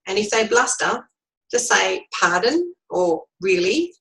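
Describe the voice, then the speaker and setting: Woman trainer, calm instructive delivery, middle pitch, recorded lesson. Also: moderate pace, creaky, rough recording. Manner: calm, instructive, acts out sample phrases. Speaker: workplace trainer. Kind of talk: recorded lecture.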